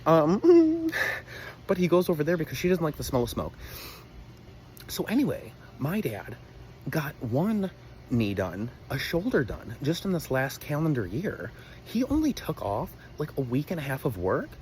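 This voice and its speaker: A man's voice: on the high side, huge pitch swings, a little slow, darkish tone, a little hiss or hum. A young man rambling through a comedic personal story to camera, exaggerated and full of asides. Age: young adult.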